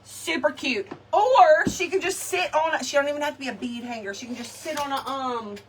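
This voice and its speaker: Woman, high and lively, casual crafting host, chatty and laughing, slightly distant mic. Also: a little fast, a little hiss or hum. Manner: chatty, laughing, talks to viewers. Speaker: crafting vlogger. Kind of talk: casual live craft chat. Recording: distant mic with faint ambience.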